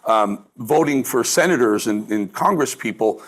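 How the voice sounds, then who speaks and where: A man's voice: medium pitch, animated, moderate pace. A man appearing as a guest commentator, fired up and often stumbling and restarting mid-sentence. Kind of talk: political commentary in a remote interview.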